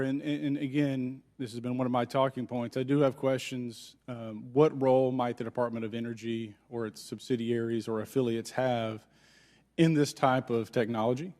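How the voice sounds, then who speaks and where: A man's voice: medium pitch, darkish tone, in a large hall. A man, a congressman, questioning witnesses in a formal hearing, earnest and repeating words as he starts sentences. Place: large congressional hearing room.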